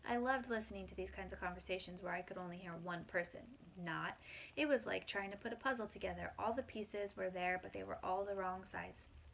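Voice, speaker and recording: A woman reading a first-person children's story aloud in a plain, unhurried way. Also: medium pitch, creaky, a little hiss or hum. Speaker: audiobook reader.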